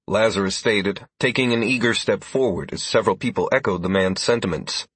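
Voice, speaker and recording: A man narrating a first-person fantasy audiobook, expressive and voicing many characters. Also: lowish voice, brisk, breathy edge, dry recording.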